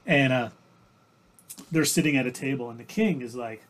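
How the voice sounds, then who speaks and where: A man's voice: mid-range voice, normal speed, a bit bright. A man co-hosting a livestream, casually recapping TV episodes in a rambling, self-correcting way. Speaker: livestream co-host.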